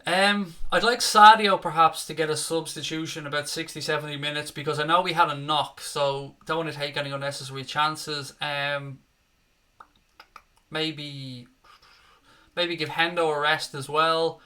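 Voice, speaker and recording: Hosting a live football watchalong, a man chats casually and reads out viewer comments in a matey, jokey way, saying "mate" often. His voice is on the high side and sharp, with a steady tone at normal speed.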